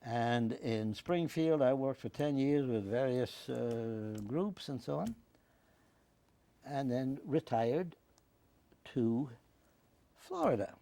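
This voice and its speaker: A man, telling his life story in a rambling, halting way in an oral history interview. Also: medium pitch, animated, vocal fry, mellow, no room sound. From Staten Island, New York. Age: 90s. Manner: rambling, halting, with many restarts. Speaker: interviewee, WWII veteran.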